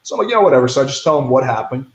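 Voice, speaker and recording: A man's voice: medium pitch, animated, very fast, a little mellow, lo-fi sound. A young man telling a story in a casual interview, blunt and profane, full of fillers like "like" and "right". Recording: echoey room.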